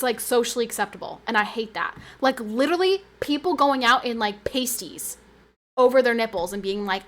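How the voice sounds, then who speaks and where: Giggly, animated woman streamer with a high voice. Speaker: livestreamer. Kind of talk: casual livestream chat, reading chat aloud.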